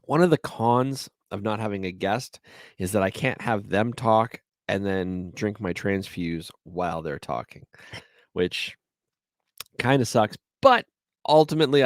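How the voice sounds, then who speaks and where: A man's voice: deep voice, expressive, normal speed, dry recording. A man with a Canadian accent hosting a podcast alone, telling stories in a chatty, rambling way. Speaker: podcast host. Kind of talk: solo podcast chat.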